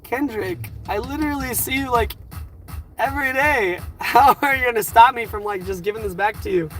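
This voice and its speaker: A man's voice: extremely high pitch, moderate pace, a bit bright. A young man in his twenties hosting a live stream from his car, emotional and teary, with exclamations that keep tumbling out. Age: 20s. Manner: emotional, overwhelmed, repeating exclamations. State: teary, near crying. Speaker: livestream host. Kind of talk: casual live-stream chat. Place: inside a parked car.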